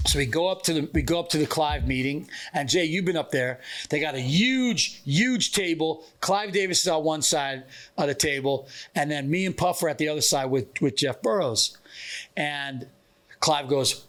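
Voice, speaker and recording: A man's voice: fairly high pitch, moderate pace. A middle-aged man co-hosting a podcast, telling a story in casual chat and acting out the lines of the people in it. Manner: animated storyteller acting out quotes. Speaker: podcast co-host.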